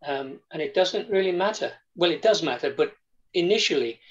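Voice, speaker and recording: A man's voice: on the high side, animated, fairly quick, a bit bright. A man's voice comes through dull and muffled over a video call. He fends off teasing with mock indignation, then settles into earnest writing advice. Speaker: publisher on a panel. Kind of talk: panel discussion.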